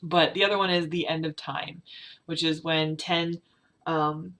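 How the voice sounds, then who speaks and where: A young woman speaks to her camera in a personal confessional vlog, her voice sitting a little low for a woman. She is close to tears and talks haltingly, stopping and restarting with many fillers. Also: level tone, fairly bright tone. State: tearful, on the verge of crying. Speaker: vlogger.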